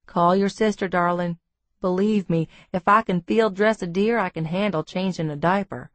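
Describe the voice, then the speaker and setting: A woman reading an audiobook voices a charming, confident adult man who speaks in a calm, reassuring way. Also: fairly low pitch, normal speed, no room sound, lightly acted.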